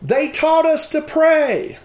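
A man voicing a frightened nine-year-old girl who is praying aloud, in a high, pleading voice. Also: animated, takes it slowly, heavily acted. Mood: urgent. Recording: echoey room.

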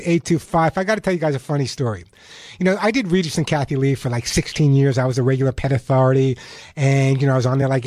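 Guy hosting a pet call-in radio show, fairly high voice, dry studio sound, chatty and full of tips. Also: darkish tone, no room sound. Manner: chatty storyteller, gives step-by-step advice. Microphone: studio microphone.

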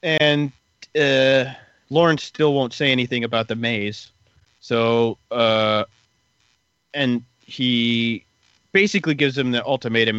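A man's voice: mid-range voice, fairly even intonation, unhurried, a bit bright, no echo, lo-fi sound. A man casually retelling story events in a podcast chat, rambling with lots of fillers.

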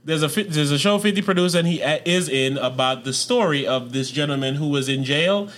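A man co-hosting a podcast in casual, loose chat, laughing and jumping into quick impressions. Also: a little high, fairly bright tone. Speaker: podcast co-host.

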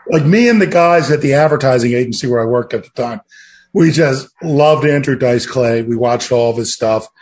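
A man's voice: medium pitch, moderate pace, darkish tone. A man in a casual chat, talking in a rambling, reflective way. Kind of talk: casual chat about movies.

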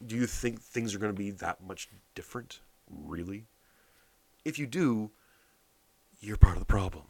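Lively, swearing Canadian man ranting. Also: on the low side, normal speed, gravelly, long pauses. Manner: blunt, sarcastic, heavy swearing. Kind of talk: profane political rant.

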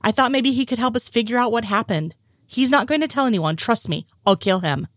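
A woman's voice: fairly high pitch, expressive, a little fast, a bit bright, dry recording, studio quality, voice pushed up. A woman reading the lines of an exasperated male FBI agent in her own voice.

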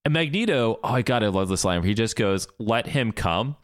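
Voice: mid-range voice, brisk, dry recording, clean studio sound. A podcast co-host recapping a film scene by scene in casual chat, acting out the characters' lines along the way. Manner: animated retelling with acted-out quotes.

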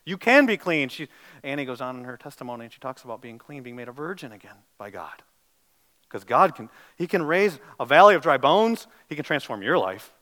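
A pastor preaching a sermon, swinging from loud emphatic passages to hushed storytelling and asking his listeners direct questions. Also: medium pitch, sing-song, fairly quick, rough recording. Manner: asks the congregation direct questions.

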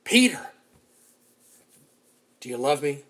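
A preacher acting out the risen Jesus as a friendly man calling out with a brighter, higher voice. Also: very animated, slow pace, heavily acted. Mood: earnest. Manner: bright, hearty calls, higher and louder.

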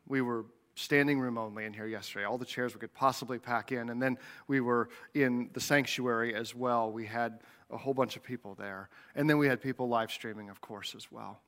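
A man's voice: medium pitch, steady tone, fairly quick, few pauses, fairly bright tone. A man preaching a sermon as pastor, earnest, often repeating words as he goes.

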